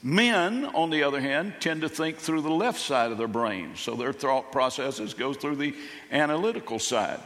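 An older man preaching a sermon as pastor, folksy and halting, with many restarts. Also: mid-range voice, lively intonation, fairly bright tone. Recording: long reverb of a church hall.

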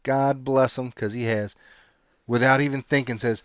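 A man's voice: mid-range voice, moderate pace, clean tone, dry recording, clean studio sound. A man casually telling a long story, acting out what people said and laughing often. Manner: animated, laughing storyteller who acts out quotes.

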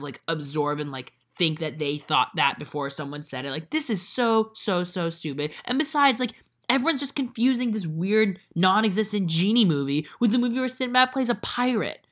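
Animated low-voiced woman podcast host. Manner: animated storyteller, acts out quotes, many fillers. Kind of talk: casual chat.

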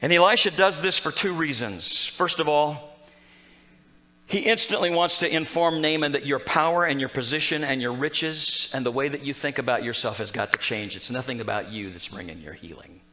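A male pastor preaches, telling a Bible story with animated storytelling and slipping into its characters' voices. His voice sits high and sounds bright and forceful. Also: normal speed, low-quality recording. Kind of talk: sermon.

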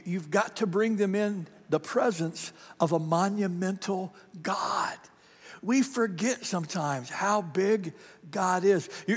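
A male pastor preaching a sermon in a church sanctuary, emphatic with frequent repeats. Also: sits high. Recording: long church hall reverb.

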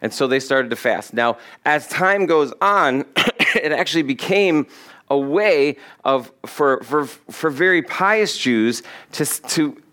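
A pastor preaching a sermon, slowing down to stress key words and putting questions directly to his congregation. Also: fairly high pitch, expressive, fairly bright tone. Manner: emphatic, slows to stress key words, quotes scripture.

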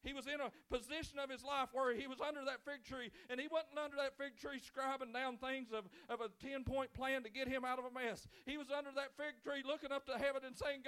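A male pastor preaching a sermon in church, swinging from loud pleading to quiet, intimate talk. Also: very high voice, a little fast, hardly any pauses. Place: church sanctuary.

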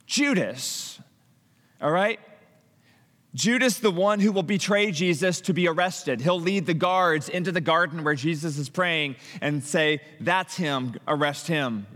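Male pastor, sermon, storytelling delivery, stumbling restarts, slightly high voice, long hall reverb. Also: unhurried. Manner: animated storytelling with frequent restarts and acted-out quotes.

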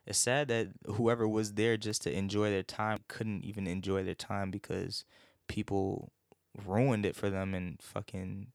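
Male host, low voice, rambling profane rant, dry close sound. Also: level tone, unhurried, vocal fry, no echo. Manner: rambling, heavy swearing, many restarts.

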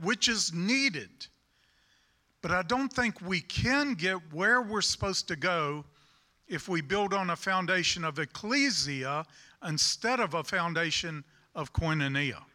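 A man's voice: high voice, pushed and bright. A man with a Southern US accent preaching a sermon in a folksy, rambling way, with self-deprecating humor.

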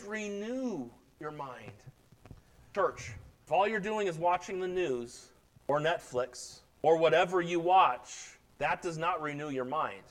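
A middle-aged man preaching an impassioned sermon as pastor, swelling louder and then dropping low. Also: lively intonation, measured pace, poor audio. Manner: impassioned preaching, rising and falling in loudness.

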